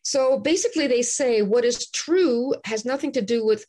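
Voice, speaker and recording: A woman's voice: fairly high pitch, moderate pace, darkish tone. A woman from Canada, a guest on an interview show, talking in a passionate, ranting way with many restarts. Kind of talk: animated interview talk.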